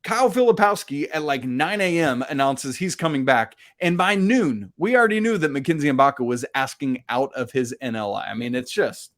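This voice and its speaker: A man's voice: mid-range voice, lively intonation, moderate pace, few pauses, a bit bright. A man co-hosting a casual sports podcast, chatty and self-deprecating, laughing often. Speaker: podcast co-host.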